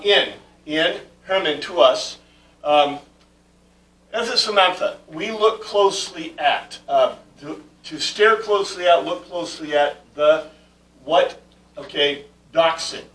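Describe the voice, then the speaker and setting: A man's voice: on the high side, measured pace, a bit bright. Man lecturing from far off in an echoey room. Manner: conversational, with many fillers and restarts, questioning the class. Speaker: bible class teacher. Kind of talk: classroom lecture on Greek word meanings.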